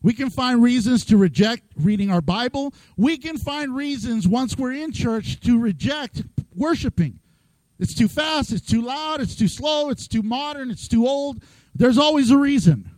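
A middle-aged man preaching a lively, joking sermon as pastor, acting out quoted voices. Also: very high voice, moderate pace, no room sound, poor audio.

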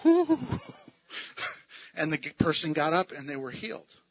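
A man teaching a Bible passage in a lively, excitable way, laughing often and acting out the voices he quotes. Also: on the high side, unhurried, dry recording. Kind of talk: animated Bible study teaching.

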